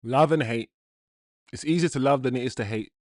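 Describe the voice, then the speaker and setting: A man's voice: medium pitch, a little fast, no room sound, clean studio sound. A man hosting a live football watch-along, ranting in exasperation, swearing and repeating himself as he vents. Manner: repeats himself while venting.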